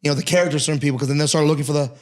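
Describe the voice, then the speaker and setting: A podcast co-host, a man, telling a work story in a rapid, exasperated way. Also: fairly high pitch, fairly even intonation, a little mellow. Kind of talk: casual podcast chat.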